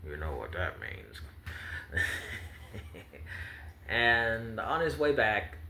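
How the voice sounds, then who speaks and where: A man spins a story at an easy, slow pace, his pitch rising and falling freely as he rambles and jokes. His voice is bright and forward, heard in a roomy space with faint background ambience. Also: big pitch swings, gravelly, a little hiss or hum. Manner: rambling, joking, chatty asides. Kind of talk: casual spoken storytelling.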